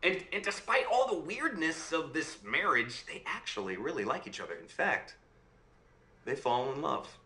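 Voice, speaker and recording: A man telling a fairy tale aloud in an animated way, often checking in with his listener. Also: a little high, normal speed. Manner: animated, checks in with "right?" and "okay?". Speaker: storyteller. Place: room on a video call. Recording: roomy room sound.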